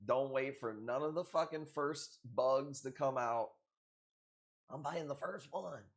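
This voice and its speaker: Hosting a live coral sale stream, a man trades loose, profane, joking banter with viewers and laughs often. His voice is mid-range and unhurried.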